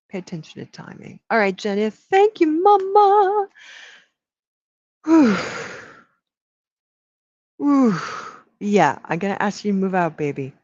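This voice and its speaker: A woman's voice: mid-range voice, darkish tone. A woman energy healer giving a live energy reading, speaking affectionately to each person and drawing out her words. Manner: affectionate, calls people sweetheart and baby. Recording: dull lo-fi audio.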